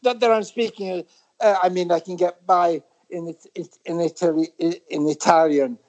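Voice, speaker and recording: A middle-aged man from Britain, a guest musician in a casual interview, talking in a reflective, rambling way with many halting restarts. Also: high voice, fairly even intonation, darkish tone, muffled recording.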